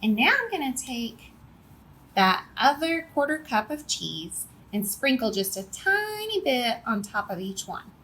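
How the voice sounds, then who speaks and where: A woman running a kids' cooking lesson and reading a children's story aloud with an expressive storyteller's delivery. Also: a little high, measured pace, slightly rough. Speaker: cooking and reading teacher for kids.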